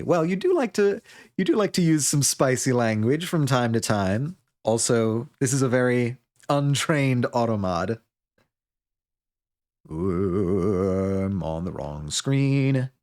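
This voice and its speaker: A man's voice: mid-range voice, very animated, measured pace, darkish tone. A man streaming a video game live, chatting casually, joking, laughing, and reading viewer messages aloud.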